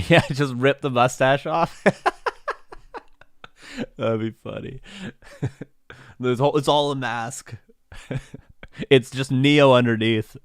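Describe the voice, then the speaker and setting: A man's voice: mid-range voice, expressive, takes it slowly, pauses often, clear, resonant tone, no room sound, studio quality. A man with a West Coast Canadian accent casting a live strategy game match, joking with chat and laughing often between calls. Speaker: esports caster.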